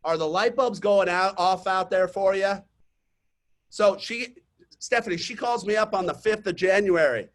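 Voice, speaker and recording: A man coaching real estate agents in a webinar, telling chatty stories to the audience and pitching his program. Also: normal speed, a bit bright. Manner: chatty storytelling, talks straight to the audience. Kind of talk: webinar presentation with sales pitch. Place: online webinar.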